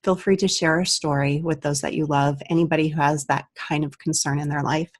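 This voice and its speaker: A woman's voice: deep voice, steady tone, fairly quick. A woman in her thirties, an aromatherapist, earnestly telling a personal story to the camera. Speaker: aromatherapist and vlogger.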